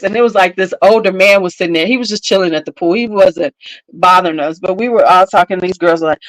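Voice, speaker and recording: She talks fast here, at medium pitch, and the recording quality is poor. Still streaming casually from home, the fifty-something beauty host tells stories, breaks into frequent laughter and responds to her viewers.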